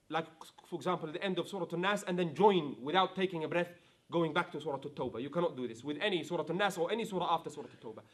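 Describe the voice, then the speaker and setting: A man teaching a Quran recitation class, explaining rules, chanting example verses and often asking his students if it is clear. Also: high voice. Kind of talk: online tajweed class.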